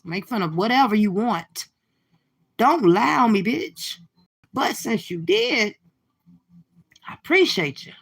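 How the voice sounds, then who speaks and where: A woman's voice: mid-range voice, vocal fry, a bit bright. A woman hosting a casual reaction livestream, delivering profane, sassy trash talk straight to her viewers. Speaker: livestream host.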